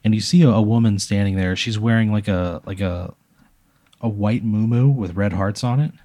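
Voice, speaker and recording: A man's voice: on the low side, normal speed, dark tone, no echo, clean studio sound. A man in casual podcast chat, telling an absurd hypothetical story in a rambling way, full of filler words and bits of laughter.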